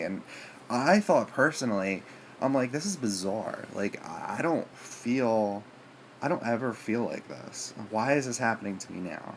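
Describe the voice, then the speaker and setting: A vlogger with a fairly low, expressive voice tells his viewers a personal story at a moderate pace, rambling and hesitant, full of fillers and restarts. There's a little hiss or hum in the recording.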